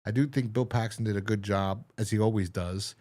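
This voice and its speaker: A man's voice: fairly low pitch, a little fast. A man co-hosting a podcast, casually reviewing and recapping a story with lots of fillers. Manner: rambling, lively, many fillers. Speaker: podcast co-host.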